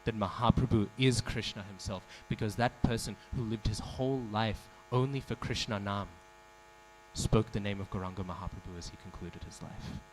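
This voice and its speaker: A man's voice: on the low side, moderate pace, slight background noise, poor audio. Man telling a devotional story in class. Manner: storytelling, asks the audience questions, acts out quoted speech. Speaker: speaker giving a scripture class. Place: temple hall.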